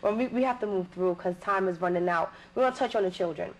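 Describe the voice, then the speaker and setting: A woman hosting a panel discussion, giving short prompts and quick affirmations between guests. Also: mid-range voice, rough recording. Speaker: panel host.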